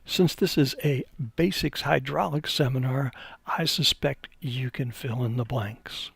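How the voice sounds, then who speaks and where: A man's voice: mid-range voice, measured pace, gravelly, fairly bright tone, slightly rough, dry recording. A man giving an unscripted hydraulics webinar, telling folksy stories with some hesitations. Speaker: hydraulics instructor.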